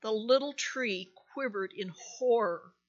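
Female storyteller, gentle and deliberate, high and clear, muffled lo-fi recording. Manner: gentle, deliberate, dramatic pauses. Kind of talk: slow storybook reading.

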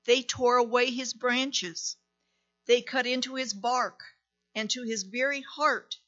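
Female storyteller, gentle and deliberate, high and clear, muffled lo-fi recording. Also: steady tone. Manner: gentle, deliberate, dramatic pauses. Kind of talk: slow storybook reading.

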